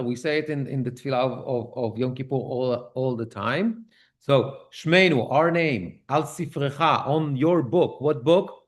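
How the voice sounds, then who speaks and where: A man whose voice is on the high side teaches a synagogue class on prayer, working through one term at a time in a conversational lecture. He often checks in with "okay?" and restarts phrases as he translates.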